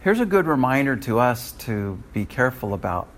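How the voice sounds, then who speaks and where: A man's voice: medium pitch, big pitch swings, moderate pace, fairly bright tone, slight background noise. An older man teaching a Bible study in a conversational way, often restarting his sentences.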